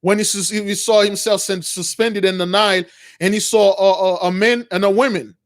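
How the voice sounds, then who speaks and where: A man earnestly retelling a religious vision in unscripted, halting speech, full of restarts and repeated words. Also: high voice, fairly even intonation. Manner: earnest, dramatic storytelling. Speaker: religious storyteller.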